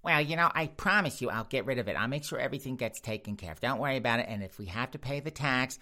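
A man's voice: medium pitch, lively intonation, fast, bright, forceful tone. A man doing a mild, placating politician. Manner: soothing, reasonable, placating.

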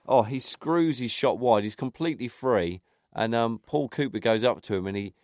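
A man's voice: medium pitch, a little mellow, no echo. Man, casual football chat, stop-start delivery, dry sound. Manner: chatty, halting, many restarts. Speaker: podcast co-host.

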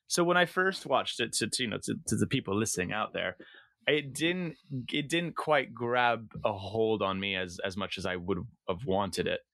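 A man co-hosts a relaxed podcast, rambling and restarting his thoughts in casual chat, with crude asides. His voice is bright and tense at a mid pitch, and the recording is dry and close. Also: moderate pace, creaky, no room sound. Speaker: podcast co-host.

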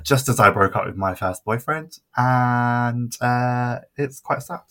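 Giggly young man, bright voice. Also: mid-range voice, slow. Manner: giggly, trails off quietly. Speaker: podcast co-host. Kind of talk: casual chat.

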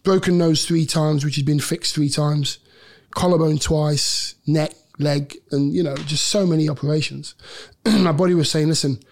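A middle-aged man, a former footballer and podcast guest, telling a lively anecdote and often laughing. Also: on the high side, moderate pace, gravelly, few pauses. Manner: animated storyteller, laughs often, acts out quotes. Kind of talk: storytelling anecdote in a podcast interview.

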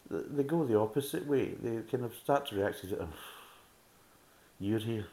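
A man's voice: medium pitch, animated, brisk, mellow, echoey room. A Scottish man giving a casual beer review, ranting bluntly and swearing a lot. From Scotland.

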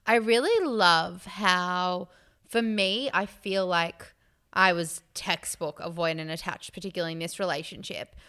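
A young woman co-hosts a casual talk show. She tells stories in an animated way and acts out what people said, and her voice sounds bright and forward. Her tone stays clean and smooth throughout. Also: lowish voice, measured pace. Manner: animated storyteller, acts out quotes. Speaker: podcast co-host. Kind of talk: casual chat.

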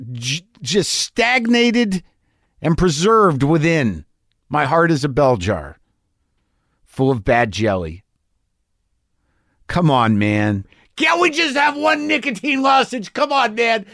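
A man's voice: a little high, no room sound, clean studio sound. A man hosting a podcast, talking in a rambling, confessional, self-deprecating monologue that stammers and restarts when he gets worked up. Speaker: podcast host.

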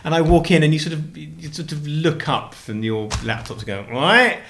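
A man's voice: on the high side, brisk, gravelly, slight background noise. A man co-hosting a casual chat with his wife in their kitchen, joking and rambling with many restarts. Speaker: podcast co-host. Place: home kitchen.

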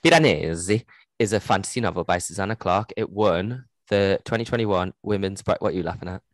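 A young Geordie woman with a notably low voice talks through a novel in a loose, chatty way. She laughs easily and swears freely. The sound is close and dry. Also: fairly quick, no echo. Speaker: podcast co-host. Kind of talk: casual book-club chat.

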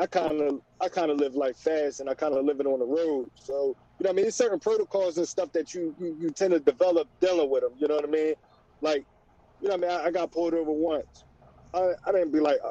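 A middle-aged man, talking in a relaxed casual chat and repeating "you know what I mean". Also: on the high side, fast talker, dry recording. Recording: dry, dull lo-fi sound.

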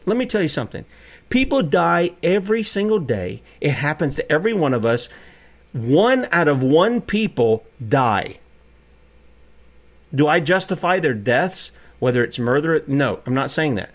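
A man's voice: fairly high pitch, sing-song, moderate pace. A man hosting a call-in talk radio show, speaking in an impassioned, preachy way and firing off rhetorical questions.

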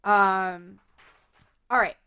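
A woman's voice: medium pitch, fairly even intonation, drawn-out words, bright, forceful tone, clear, resonant tone, dry recording, highs cut off. A woman hosting a podcast and giving cleaning tips in casual chat. She is chatty, laughs easily and uses lots of fillers. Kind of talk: casual chat mixed with how-to instructions.

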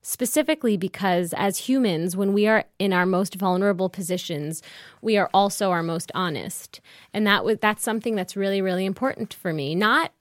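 A woman's voice: mid-range voice, a little fast, no echo, studio quality. A woman in her twenties telling a personal story in an open, chatty way, often saying "like.". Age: 20s. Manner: open, chatty, uses filler "like". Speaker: podcast host as guest.

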